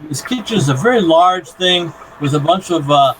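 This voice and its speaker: Male game master, fairly high voice, slow scene-setting narration, noisy call audio. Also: lively intonation. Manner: describes scenes slowly and deliberately, often laughing. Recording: noisy online call recording.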